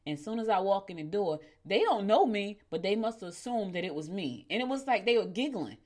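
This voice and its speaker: A middle-aged woman hosting a morning show. She tells stories casually, often calls her listeners "y'all," and her voice jumps suddenly in pitch and loudness. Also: big pitch swings, brisk. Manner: chatty, addresses listeners as "y'all". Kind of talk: casual storytelling and horoscope reading.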